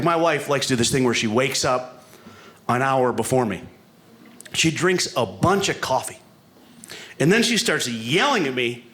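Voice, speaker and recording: A man's voice: medium pitch, fairly bright tone. Rambling self-deprecating stand-up comic man. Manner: rambling, self-deprecating, full of "like" and "you know". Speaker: stand-up comedian. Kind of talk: stand-up routine. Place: comedy club stage with a live audience. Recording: live room with audience noise.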